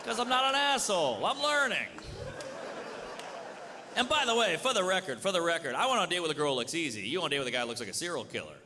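Crude, lively man doing stand-up. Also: fairly high pitch, fast. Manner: crude, conversational, lots of "you know". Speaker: stand-up comedian. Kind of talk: stand-up comedy set. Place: comedy club stage. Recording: live stage mic, reverberant hall, loud audience. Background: audience laughter and room noise.

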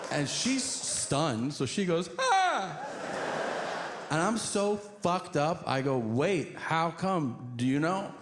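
A man telling a stand-up story, acting out characters in shrieking high voices and talking in profane, fast bursts. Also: expressive, heavy background noise. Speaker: stand-up comedian.

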